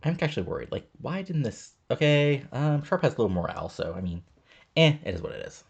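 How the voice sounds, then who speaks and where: Rambling man with a gravelly voice. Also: mid-range voice, sing-song, quick pace, lo-fi sound. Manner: rambling, loose, many fillers like you know and um. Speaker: game let's-player. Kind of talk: casual commentary over a wrestling booking sim.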